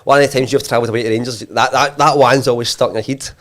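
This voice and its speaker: A man's voice: mid-range voice, steady tone, very fast, fairly bright tone. A man hosting a casual podcast chat, asking questions and talking with lots of fillers. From Scotland. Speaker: podcast host.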